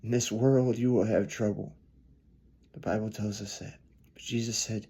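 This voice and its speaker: A man preaching a storytelling sermon, earnest, swelling louder then dropping soft. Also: fairly low pitch, fairly even intonation, normal speed, slightly rough.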